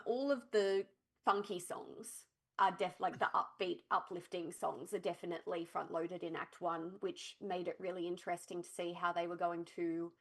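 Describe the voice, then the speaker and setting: Low-voiced thoughtful podcast woman. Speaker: podcast co-host. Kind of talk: casual chat.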